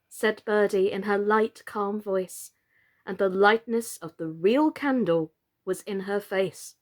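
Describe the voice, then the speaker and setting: Slow-reading woman storyteller. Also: medium pitch. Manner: slow, gentle and expressive. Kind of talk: children's book read aloud.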